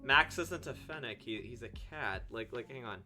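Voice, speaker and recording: A man's voice: mid-range voice, lively intonation, normal speed, bright, forceful tone, faint music behind. A man streaming live while drawing, chatting casually and answering his chat with jokes and asides.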